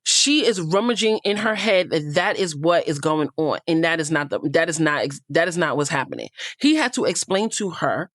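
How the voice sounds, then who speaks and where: A woman's voice: low voice, expressive, moderate pace, hardly any pauses, dry recording, clean studio sound. A woman hosting a casual reality TV recap, chatty and gossipy, with frank asides.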